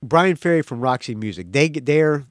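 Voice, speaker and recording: A man hosts his solo podcast in a loose, rambling rant, correcting himself as he goes and dropping sarcastic jabs. His pitch swings widely from low mutters to high, emphatic peaks. The sound is dry and close, with no room around it. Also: lively intonation, normal speed, dry recording. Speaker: podcast host.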